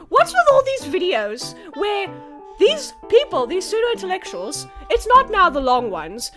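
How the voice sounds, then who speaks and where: Female creator, very high pitch, profane and exasperated unscripted rant. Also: fairly bright tone. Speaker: online video creator.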